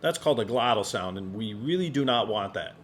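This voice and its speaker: A man leading a singing warm-up lesson as a voice teacher, calm and encouraging. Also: lowish voice, brisk. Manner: calm, encouraging instructor, demonstrates sung vowels. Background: piano accompaniment.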